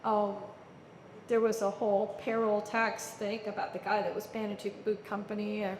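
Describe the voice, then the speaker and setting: Animated storytelling woman in an echoey hall. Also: medium pitch, normal speed, a little hiss or hum. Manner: animated, acts out quoted voices. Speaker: interview guest, entrepreneur. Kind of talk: storytelling in a live onstage conversation. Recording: echoey hall with long reverb.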